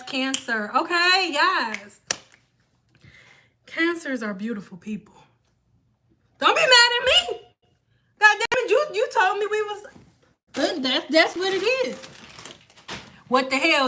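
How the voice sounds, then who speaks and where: Woman, high voice, bright and forceful, blunt profane livestream rant. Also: measured pace, pauses often, a little hiss or hum. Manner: blunt, profane, animated ranting. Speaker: hair stylist hosting a livestream.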